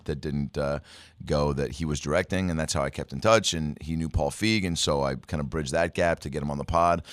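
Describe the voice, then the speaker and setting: A man, a comedian guest in a studio, telling stories in an animated, profane way in casual chat. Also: a bass voice, dry recording.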